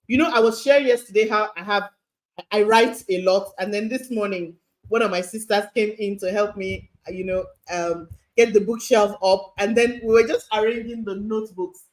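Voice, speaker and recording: A middle-aged woman, teaching a parenting course in a lively, spontaneous lecture. She repeats her points and asks rhetorical questions. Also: mid-range voice, normal speed.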